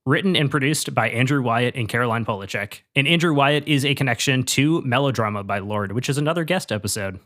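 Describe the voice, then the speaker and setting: A man's voice: mid-range voice, fairly bright tone, no room sound, clean studio sound. A man hosting a music podcast, reading out prepared notes and then chatting casually with his co-hosts. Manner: reads liner-note stories, then chats and jokes. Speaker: podcast host.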